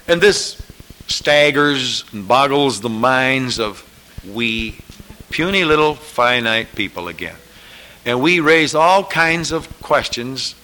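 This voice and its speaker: A man preacher delivering a sermon, emphatic and repetitive, rising to loud scripture calls and dropping low for asides. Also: poor audio. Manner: emphatic, repeating lines, rising to shouted scripture.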